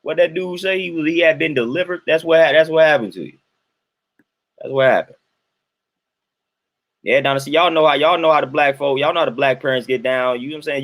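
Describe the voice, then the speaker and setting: A young man with a slightly high voice hosts a casual livestream, speaking. He talks in an animated, colloquial way, answering his chat and repeating his points for emphasis. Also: a little fast, pauses often. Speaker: livestream host reading chat.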